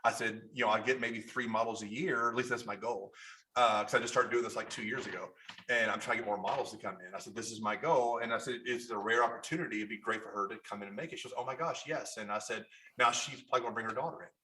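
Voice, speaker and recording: A man with a Kentucky accent talks quickly as a podcast guest, his voice bright and forward. He rambles through anecdotes, restarts his sentences and acts out the people he quotes. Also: on the low side, slight background noise. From Kentucky, USA. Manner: animated storyteller, restarts often, acts out quotes. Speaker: guest photographer. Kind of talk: casual interview chat.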